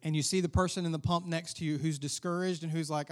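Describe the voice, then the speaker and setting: Conversational pastor preaching. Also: male voice, a little high, fairly even intonation, quick pace. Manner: conversational preaching with asides and laughs. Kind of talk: sermon.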